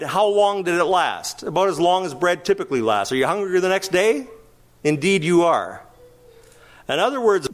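Animated male preacher, slightly high voice with very lively pitch, teaching a sermon with rhetorical questions. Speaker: pastor.

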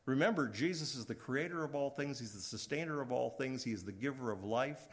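A middle-aged male pastor preaching a sermon, swinging between loud emphatic rises and hushed, trailing low lines. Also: brisk, husky.

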